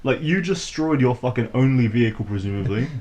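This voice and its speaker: A man's voice: medium pitch, animated, fast, a little mellow. A man co-hosting a podcast, reacting to a story with laughter and profane remarks. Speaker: podcast co-host. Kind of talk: casual chat.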